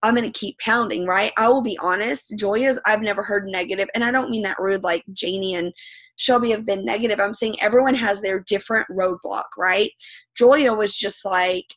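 A woman leading her team on a video call, talking in an emphatic motivational way with lots of "like" and "right", her voice going hoarse from allergies. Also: medium pitch, normal speed, a bit bright. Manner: emphatic, repeats phrases, says "like" and "right" often. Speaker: team leader.

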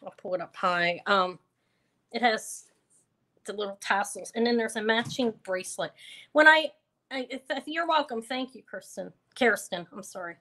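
A woman's voice: medium pitch, moderate pace, pushed and bright. Chatty woman hosting a live auction. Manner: chatty and rambling, with fillers and self-corrections. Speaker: online jewelry auction host. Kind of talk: casual live-stream selling chat.

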